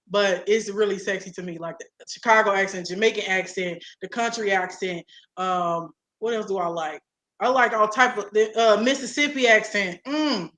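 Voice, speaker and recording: A bright, clear-toned young woman hosts a loose, casual chat. She rambles happily, reads out viewer comments, and trails off mid-thought. Her voice rings around a roomy, echoey space. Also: mid-range voice. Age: young adult. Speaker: host.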